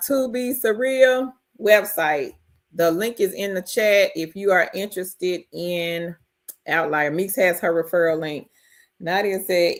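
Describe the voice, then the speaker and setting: A woman's voice: on the low side, a bit bright. A woman hosting a casual livestream, reading viewer comments aloud and cheerfully greeting and congratulating people by name. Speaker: host of a work-from-home livestream.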